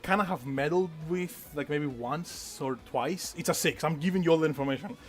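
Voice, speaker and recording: A man with a fairly high voice runs a tabletop game as game master. He rambles through details, stops himself with fillers and adds asides as he goes. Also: moderate pace, faint music behind.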